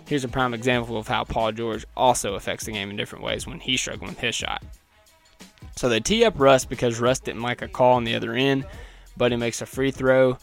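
A man's voice: level tone, brisk, soft background music. Chatty man recapping a basketball game. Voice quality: not a deep voice. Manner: chatty, wry, laughs at his own notes. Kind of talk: casual game recap from notes.

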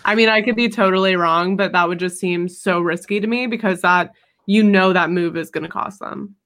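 A woman co-hosting a casual sports podcast, upbeat and quick to laugh. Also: mid-range voice, fairly even intonation, a bit bright. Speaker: podcast co-host.

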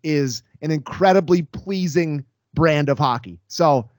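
Emphatic man with a higher, dry voice. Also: unhurried, no echo. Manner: emphatic, exasperated, sarcastic. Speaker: sports podcast co-host. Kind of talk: casual sports chat.

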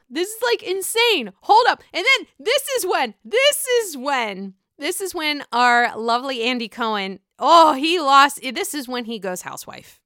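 Woman, casual vlog recap, gossipy, swears a lot, bright voice, dry close sound. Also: high-pitched, measured pace, hardly any pauses, no room sound. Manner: gossipy, profane, animated reactions. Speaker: reality TV recapper.

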